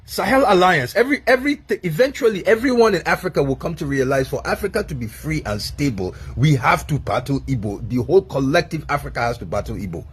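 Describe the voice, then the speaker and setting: Brief: husky man, high-pitched angry rant, swears, repeats himself. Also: expressive, fast, hardly any pauses. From Nigeria. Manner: heated, swearing, repetitive. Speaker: online commentator.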